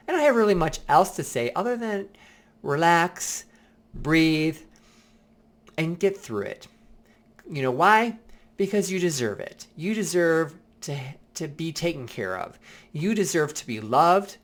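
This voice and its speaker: A man's voice: a little high, sing-song, normal speed. A man talks candidly about coping with hard times, earnest and reflective. He wanders through his thoughts with plenty of filler words, sounding like he is sharing from his own experience. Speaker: vlog host. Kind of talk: personal self-help talk.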